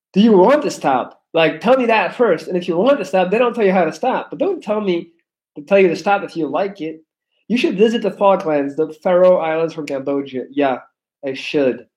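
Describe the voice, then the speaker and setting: A man's voice: sits high, a little mellow. A young man reading viewer comments aloud in a laid-back, slangy livestream chat. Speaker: YouTuber reading live chat.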